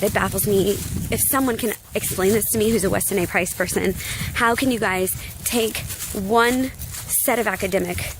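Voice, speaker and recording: A young American woman vlogs on a walk outside, ranting in a loose, filler-laden way. Her voice sits at an ordinary pitch, with a faint hum of outdoor noise behind her. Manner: ranty, filler-heavy, talks to her dog. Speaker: vlogger. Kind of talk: casual ranting vlog. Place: outdoors on a hike.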